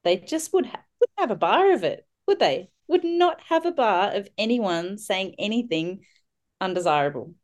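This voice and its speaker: A woman's voice: medium pitch, very animated, moderate pace. A woman hosting a casual podcast conversation, reflective and encouraging.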